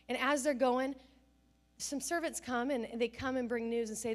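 A middle-aged woman pastor preaches from the pulpit in a fairly high voice. She tells stories with animation, acting out the people she quotes and jumping up in pitch for emphasis. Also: measured pace. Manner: animated storytelling, acts out family scenes and quotes with bursts of laughter. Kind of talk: sermon.

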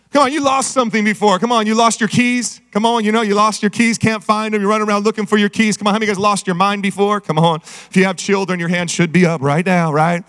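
A middle-aged man preaching a sermon, energetic and calling out to the congregation. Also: high-pitched. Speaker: pastor. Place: church sanctuary. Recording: reverberant church hall.

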